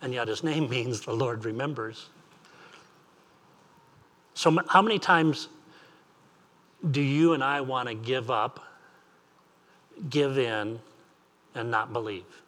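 Earnest bright-voiced male pastor preaching. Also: mid-range voice, slow, pauses often. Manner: earnest, repetitive preaching with rising questions. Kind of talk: sermon.

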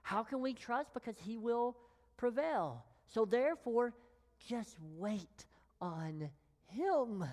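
A woman pastor preaching a sermon with emphatic pauses, sinking to a whisper on key words. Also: fairly high pitch, animated, a little mellow, big-room sound. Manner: slow, emphatic delivery with long pauses, dropping to a whisper on key phrases.

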